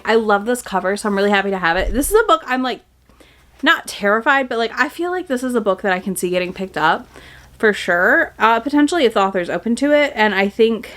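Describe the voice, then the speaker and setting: A woman's voice: medium pitch, expressive, quick pace, fairly bright tone. Chatty young woman gushing about books. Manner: gushing, enthusiastic, chatty with many fillers. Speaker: book vlogger. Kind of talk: casual book haul chat.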